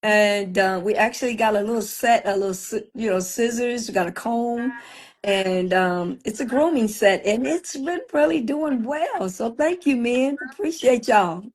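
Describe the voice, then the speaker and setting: A woman in a relaxed livestream conversation, her voice sitting a little high. She spins lively stories, acting out what others said and laughing between lines. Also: moderate pace. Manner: lively storyteller, laughs often, animated quoted voices. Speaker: guest, gospel singer and cosmetics entrepreneur. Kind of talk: casual chat on a livestream. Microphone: video call.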